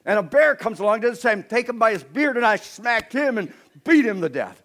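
A man preaching plays a bold, cocky young shepherd, talking excitedly in a raised voice. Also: normal speed. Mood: boastful. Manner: excited, bragging, raised pitch. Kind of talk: sermon storytelling.

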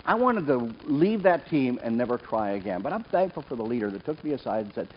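A man preaching a sermon in church, lively and joking, calling on members of the congregation by name. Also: medium pitch, fairly quick, few pauses. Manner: lively, jokes with the congregation, calls out names. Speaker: pastor. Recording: dull sound with faint noise.

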